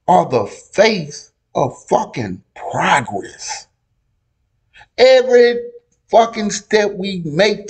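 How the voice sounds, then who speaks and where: A man reacting to a debate clip with loose, foul-mouthed commentary. His voice sits a little high and he jumps between loud bursts and quiet remarks. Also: breathy edge. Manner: animated and profane, swinging between loud outbursts and low asides. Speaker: reaction video host.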